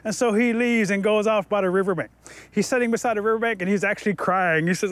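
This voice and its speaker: Man, storyteller, high pitch, lively, playful asides. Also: fast. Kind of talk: oral storytelling.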